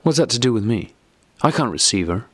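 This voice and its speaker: A man with a low, gravelly voice reading the lines of a bitter, distraught wife in an audiobook. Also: fast, no echo. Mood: anguished. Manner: sharp, accusing outbursts.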